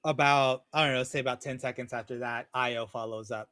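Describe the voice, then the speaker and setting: A man narrating as game master of a tabletop game, talking in a relaxed, rambling way with many fillers over a video call. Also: mid-range voice, a little fast, hardly any pauses, no room sound. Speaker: dungeon master.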